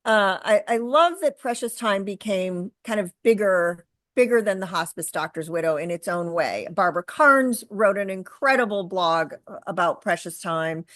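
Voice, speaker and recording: A middle-aged woman speaking as a guest in an interview, earnest and halting, with frequent fillers and restarts. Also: medium pitch, animated, a bit bright, dry recording. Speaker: guest, author and caregiver. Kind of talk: conversational interview.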